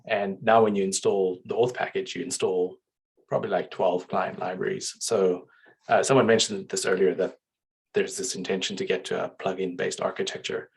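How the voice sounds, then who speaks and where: A man speaking as a panel guest, explaining in a measured way with frequent "uh"s. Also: sits low, level tone, vocal fry, slightly rough, rough recording. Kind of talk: casual panel talk.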